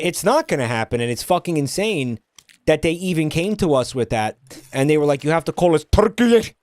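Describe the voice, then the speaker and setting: A man's voice: medium pitch, darkish tone, no room sound. A man streaming and ranting at his chat, exasperated and swearing often. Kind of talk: casual stream rant.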